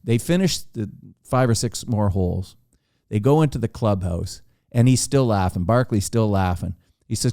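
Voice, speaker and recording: A man's voice: on the low side, brisk, warm tone, clean tone, dry recording, studio quality. A man telling a long anecdote on a podcast, acting out the dialogue with animation. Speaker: podcast guest storyteller.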